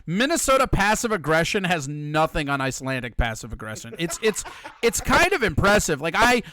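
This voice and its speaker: A man's voice: a little high, big pitch swings, a little fast, bright, forceful tone, dry recording. A man co-hosting a casual chat, blunt and opinionated and swearing freely.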